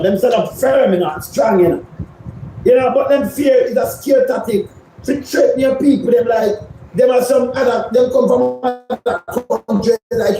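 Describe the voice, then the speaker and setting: A man's voice: extremely high pitch, mellow. A Jamaican man giving a heated, rambling political rant as a commentator, repeating himself as he argues. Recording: very echoey room.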